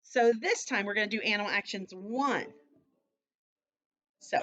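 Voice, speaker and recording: A woman preschool teacher leading online circle time at home, talking to young children in an animated, sing-song way. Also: mid-range voice, a little slow, poor audio.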